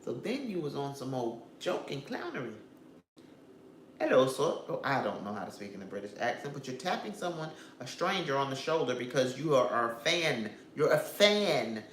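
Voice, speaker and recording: A woman's voice: extremely low pitch, sing-song, a little fast, few pauses, slight background noise. A woman vlogger giving casual, opinionated commentary on celebrity news, talking straight to her viewers. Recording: roomy echo with faint ambience.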